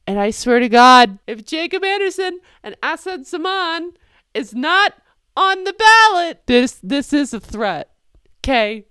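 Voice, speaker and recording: A young woman with a fairly high, smooth, clear voice gushes about a show she just watched. She is animated and casual, jumping from loud exclamations to quieter asides. Her voice is recorded close and dry. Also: measured pace, no room sound. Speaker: reaction video host. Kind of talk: excited casual reaction commentary.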